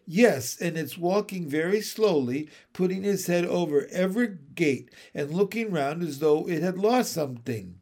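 A chatty, curious young boy reporting what he sees, in a voice only a little lighter than his reader's own, as a man puts him on. His telling is steady and matter-of-fact. It is a storybook voice. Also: sits high, normal speed, hardly any pauses. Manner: chatty, describing.

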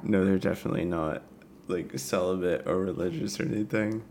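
A man's voice: low-pitched, fairly quick, darkish tone, a little hiss or hum. A man co-hosting a podcast, chatting casually about music with hesitant, laughing, self-correcting talk. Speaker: podcast co-host.

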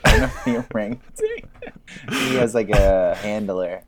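A young man co-hosting a casual movie podcast, animated and laughing, often acting out characters. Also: on the low side, moderate pace. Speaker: podcast co-host. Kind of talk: casual chat.

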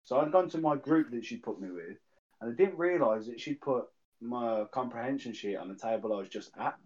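Animated and a little fast, this man's medium-pitched voice has a slightly mellow quality. As a guest and old childhood friend, he tells school anecdotes casually, imitating the people he quotes and cursing freely, and the recording sounds dull and lo-fi.

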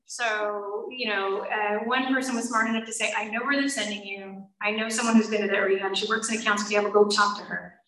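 A woman's voice: medium pitch, steady tone, brisk, pushed and bright, distant mic. Emotional woman telling her story in a roomy hall. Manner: emotional, quoting others in changing voices. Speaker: speaker sharing a recovery story. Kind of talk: personal testimony to an audience.

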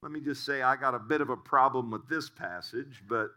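A man's voice: medium pitch, brisk, bright, forceful tone. A male pastor giving a sermon and telling stories in an earnest way. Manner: storytelling, earnest.

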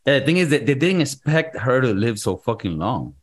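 A man's voice: mid-range voice, big pitch swings, a little fast. A man hosting a podcast with friends, talking in loose, crude, jokey banter. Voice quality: loose, profane, jokey delivery. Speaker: podcast host.

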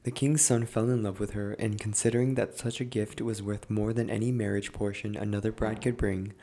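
A man hosting a podcast, reading an old fairy tale aloud in a measured, even way. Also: lowish voice. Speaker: podcast host and reader. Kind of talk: storybook reading.

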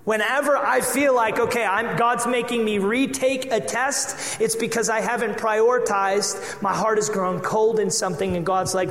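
A man preaching a sermon as pastor, telling a personal story with lively acted-out dialogue. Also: high voice, normal speed, few pauses, slight background noise. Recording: echoey hall with long reverb.

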